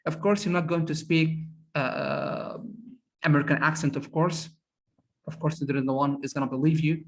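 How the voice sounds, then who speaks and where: Man, English conversation teacher, emphatic, repeats himself, fairly high voice. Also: fairly even intonation, moderate pace, vocal fry. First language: Arabic. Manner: emphatic, repeats words, many "of course"s. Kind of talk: classroom discussion.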